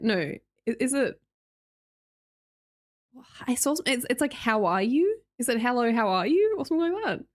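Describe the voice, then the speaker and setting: Bubbly Australian woman streamer. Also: mid-range voice. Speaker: live streamer. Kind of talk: casual chat reading out viewer messages.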